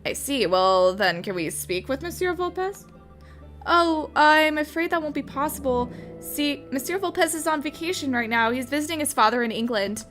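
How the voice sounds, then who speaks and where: A woman's voice: high voice, lively intonation, moderate pace, fairly bright tone, faint music behind, pitched above the performer's own voice. A woman voicing a nervous young male mouse assistant in a game, flustered and stumbling over names. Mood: apologetic.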